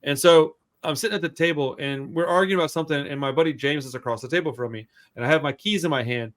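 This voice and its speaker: A man hosting a podcast, telling a long story in a loose, profane, animated way. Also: fairly high pitch, fast. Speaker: podcast host. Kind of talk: casual storytelling chat.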